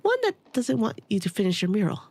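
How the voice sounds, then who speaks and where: A woman reading aloud the lines of a weary, grieving older male hermit scholar from a story game, in a subdued, halting way. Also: mid-range voice, very animated, creaky, darkish tone, slightly rough, no echo, heavily acted. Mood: somber.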